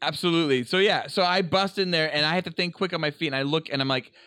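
Bright-voiced man telling a wild story. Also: on the high side, fast, smooth, no echo. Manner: animated storytelling, acts out voices; swears a lot, laughs while telling. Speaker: podcast co-host. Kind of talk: casual chat.

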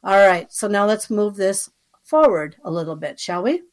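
A woman guest recounts her own experiences in a chatty, conversational way, full of fillers and asides. She keeps turning to the listener to check they are following. Her voice sits at an ordinary middle pitch. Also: expressive, moderate pace. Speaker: interview guest. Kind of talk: personal storytelling.

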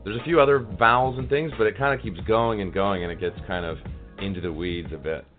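Very deep-voiced male dialect coach. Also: fast. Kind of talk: explanatory interview clip. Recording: tinny clip with faint music.

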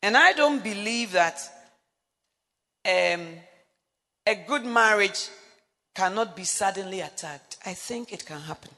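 A woman's voice: mid-range voice, measured pace, pauses often, big-room sound. A woman, preaching a sermon that mixes personal stories with emphatic declarations. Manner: animated storytelling, rising to emphatic declarations.

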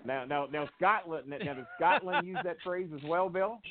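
A man's voice: fairly high pitch, moderate pace. A male radio host in casual talk, joking and laughing often as he tells stories over a phone line. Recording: tinny phone line with faint noise.

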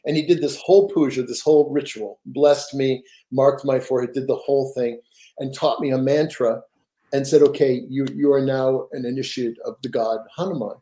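An older man with a mellow, warm voice tells a long personal story in a relaxed interview. He talks in an animated, rambling way, doubling back on his words as he goes. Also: medium pitch, normal speed. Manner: rambling, animated, frequent restarts and laughs. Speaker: guest author.

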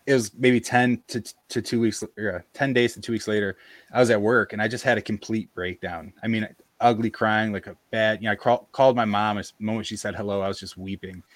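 A man telling a personal story in casual conversation, halting and full of fillers and restarts, on a video call. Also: fairly low pitch, steady tone, no room sound. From American South, Appalachia. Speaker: podcast guest.

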